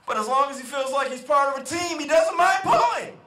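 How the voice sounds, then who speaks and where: Man putting on a plainspoken country farmer, folksy, fairly high voice, echoey hall. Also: expressive, moderate pace, fairly bright tone, slight background noise. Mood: folksy calm. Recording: roomy hall echo.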